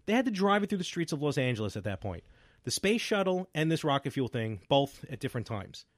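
A man co-hosting a podcast in casual chat, telling stories with lively energy and frequent laughs. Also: on the high side, fast talker, dry recording, studio quality. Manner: animated storyteller, laughs often. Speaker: podcast co-host.

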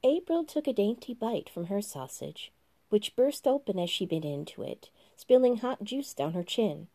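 A woman hosting a podcast reads a story aloud in a gentle, relaxed way. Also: medium pitch, moderate pace, no echo. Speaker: podcast host reading a story. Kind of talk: storybook narration.

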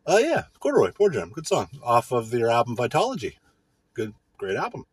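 A podcast host delivers a casual, profane rant, mocking people he dislikes in his husky voice with huge pitch swings. He talks briskly, and the recording is dry and close.

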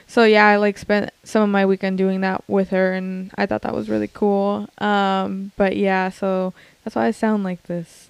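A young woman in her twenties chats on her podcast, her voice raspy and gravelly from a weekend of screaming at a concert. Even under the rasp there is a smooth, resonant core to it, and the room around her is dry and close. She giggles often and rambles on, full of fillers. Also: mid-range voice, moderate pace, few pauses, no echo. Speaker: podcast co-host. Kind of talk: casual chat.

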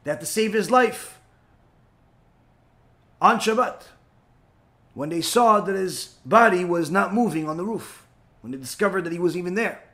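Guy with a high voice telling a story for a lesson, gets animated, acts out the parts. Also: moderate pace, long pauses. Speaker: Torah teacher.

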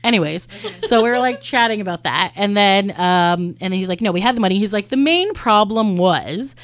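A young woman hosting a podcast tells a story in casual chat, acting out what people said and using "like" a lot. Her voice is medium-pitched with lively intonation, and she speaks a little fast.

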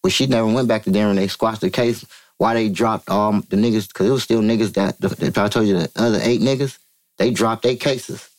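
A man from Vallejo, California, telling a story as an interview guest, profane and animated, acting out quotes in a higher voice. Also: fairly quick. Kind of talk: casual storytelling.

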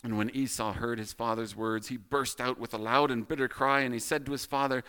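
A man's voice: medium pitch, steady tone, brisk, few pauses, bright, forceful tone, clean tone. A man teaching a Bible study in a casual, self-deprecating way, asking rhetorical questions.

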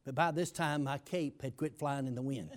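A man preaching a storytelling sermon, shouting and slowing down for emphasis. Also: medium pitch.

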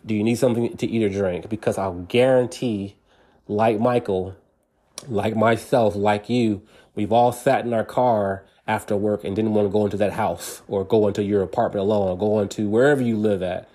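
A man's voice: fairly low pitch, steady tone, normal speed, warm tone. A man hosting his own podcast, talking in an earnest, casual monologue with many restarts and the odd laugh. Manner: earnest and repetitive, frequent restarts, laughs between points. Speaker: podcast host.

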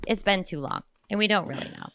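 Bright-voiced woman telling animated stories. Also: medium pitch, quick pace, smooth, dry recording, clean studio sound. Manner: animated storyteller, swears freely, laughs often. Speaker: podcast co-host; mother of a young daughter. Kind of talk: casual chat.

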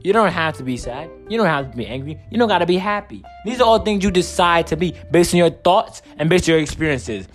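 A man's voice: on the high side, animated, fast talker, hardly any pauses, faint music behind. A young man hosting a casual solo podcast, talking in a rambling, profane way while saying he is tired. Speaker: podcast host.

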